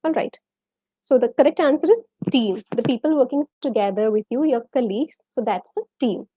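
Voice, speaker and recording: A woman's voice: fairly high pitch, fairly quick, warm tone, husky, no echo, lo-fi sound. A woman with a Malayali accent teaching a live online English lesson, quizzing viewers and reading out their names and answers.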